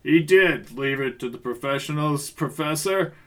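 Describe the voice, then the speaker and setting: A man's voice: a little high, moderate pace, sharp tone. A man voicing a firm, commanding male police detective in an audiobook mystery. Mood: stern. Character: gruff middle-aged male police detective.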